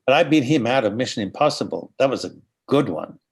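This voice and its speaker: An older Australian man telling animated anecdotes as an interview guest, acting out the voices of people he quotes. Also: medium pitch, brisk, creaky, breathy edge. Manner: animated storyteller who acts out quoted voices. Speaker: guest actor.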